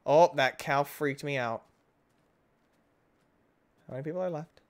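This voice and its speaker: A man hosting his gaming channel, giving casual let's-play commentary, excitable and swinging between loud outbursts and hushed muttering. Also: a little high, a little slow.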